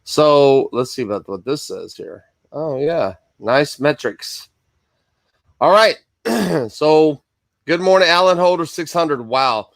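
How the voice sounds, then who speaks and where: A man's voice: a little high, lively intonation, slow pace, gravelly, no echo, clean studio sound. Chatty man hosting a live Bible stream. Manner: chatty, greets viewers by name, rambling asides. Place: Michigan.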